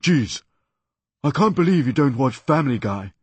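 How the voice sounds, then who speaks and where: A man voicing a pushy male impressionist who keeps switching into loud put-on cartoon and gangster voices. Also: medium pitch, lively intonation, moderate pace, slightly rough, dry recording, voice pushed up.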